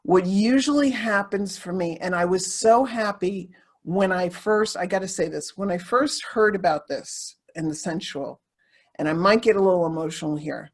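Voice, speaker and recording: Candid woman talking openly, mid pitch. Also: a little slow, breathy edge. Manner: open, confessional, restarts and repeats phrases. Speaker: podcast guest, sensuality teacher. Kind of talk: candid conversational podcast talk.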